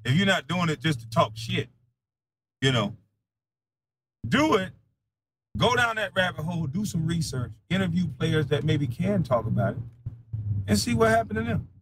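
A man's voice: very animated, normal speed, pauses often, background noise. Defiant man in a mocking profane rant. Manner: defiant, mocking, swings from low mutters to loud taunts; laughs scornfully between lines. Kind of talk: heated profane monologue.

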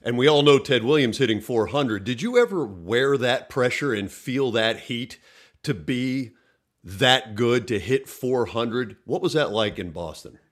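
A man with an ordinary mid-range voice hosts the conversation. He lays out a long question in a measured, curious way. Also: mid-range voice, expressive. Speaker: interview host.

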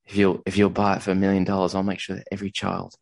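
Hammy male art hustler, clumsy fake Aussie accent, low voice, a man doing the bit. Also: completely flat delivery, rapid-fire, creaky. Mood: pleading. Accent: mock Australian, drifting into South African. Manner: hammy sales pitch. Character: pushy male charity art seller, clumsy mock Australian.

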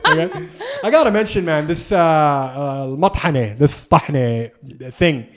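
A man telling a long travel story in casual conversation, animated and laughing often. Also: on the high side, slow pace. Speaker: guest storyteller.

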